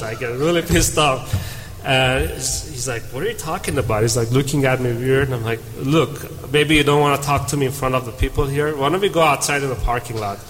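A man's voice: medium pitch, brisk. A man on a conference panel telling a story and acting out the dialogue as he goes. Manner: animated storyteller, acts out dialogue. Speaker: panel speaker. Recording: reverberant hall, faint room noise.

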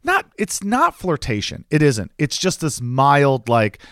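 A young man telling a story in a lively, swooping voice, acting out quoted people as he goes. The sound is dry and close, with no room around it. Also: a little high, measured pace, dry recording. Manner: animated, acts out quoted voices. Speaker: podcast co-host. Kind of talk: casual storytelling chat.

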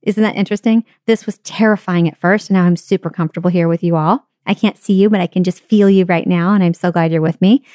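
A woman's voice: on the low side, steady tone, fast talker, hardly any pauses, warm tone, no room sound, clean studio sound. A woman hosting a podcast, telling a personal story in a candid, chatty way and talking straight to her listeners at the microphone. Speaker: podcast host. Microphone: studio microphone.

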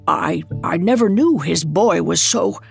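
A shaken old miser, played by a woman narrator in a storybook reading, hesitant and pleading. The delivery is slow and slightly gravelly, with faint music under it. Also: medium pitch, big pitch swings, full character voice. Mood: troubled.

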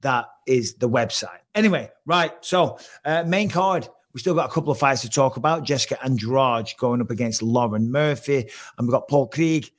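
A man hosting a casual sports talk show, energetic and jokey, who jumps quickly between topics. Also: mid-range voice. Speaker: host.

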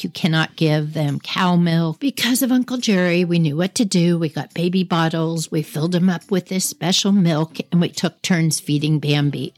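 Gravelly woman telling a chatty story. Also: deep voice. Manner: animated, chatty. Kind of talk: casual storytelling.

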